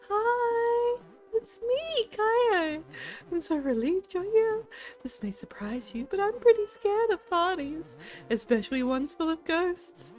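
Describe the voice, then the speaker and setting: A woman's voice: very high voice, a little mellow, pitched above the performer's own voice, heavily acted. A woman voicing a timid, anxious young male ghost in a game, speaking nervously and hesitantly.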